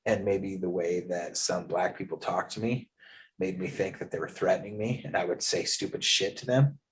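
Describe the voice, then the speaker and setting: A man's voice: deep voice, fairly even intonation, moderate pace. Blunt, swearing man in casual talk. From Eastern Oregon. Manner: blunt, heavy swearing, storytelling. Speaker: podcast host. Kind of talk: casual interview chat.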